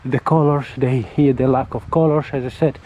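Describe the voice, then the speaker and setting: A man from Italy with an Italian accent, chatting casually on a walking vlog and often pausing to search for words, talking into a camera outdoors on a windy street. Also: mid-range voice, fairly even intonation, mellow, lo-fi sound. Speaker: vlogger. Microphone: camera mic held near the face. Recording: faint wind and traffic noise outdoors.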